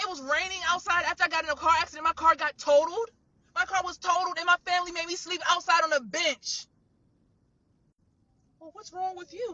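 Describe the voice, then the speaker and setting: Impassioned, bright-voiced young woman ranting. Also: sits high, dry recording, highs cut off. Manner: impassioned, profane, preachy. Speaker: content creator. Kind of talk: emotional direct-to-camera rant.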